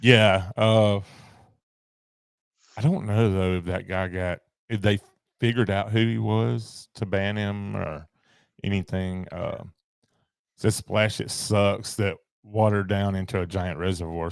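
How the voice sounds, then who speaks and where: Deep-voiced man in laid-back chat. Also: a little slow, gravelly, no echo, studio quality. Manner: relaxed, rambling, lots of fillers. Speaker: podcast co-host. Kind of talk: casual chat.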